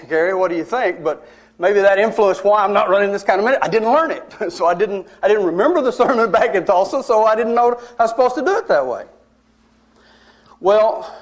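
A man with a fairly high voice delivers a storytelling sermon. He talks in a conversational way, leans hard on key words and drops wry asides to his listeners. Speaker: preacher.

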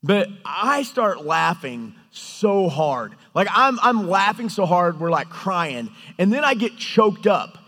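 A man preaching a sermon, animated and storytelling, often acting out quoted lines. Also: high voice, slow pace, few pauses. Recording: hall reverb.

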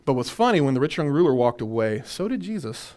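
A man's voice: medium pitch, very animated, fast, darkish tone. A man who is a minister, leading a conversational Bible workshop. He chuckles often and repeats his key points.

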